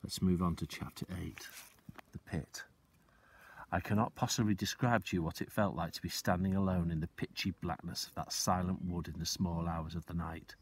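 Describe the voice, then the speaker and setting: A male teacher reading a children's book aloud, expressive and slowing down for suspense. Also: deep voice, a little hiss or hum.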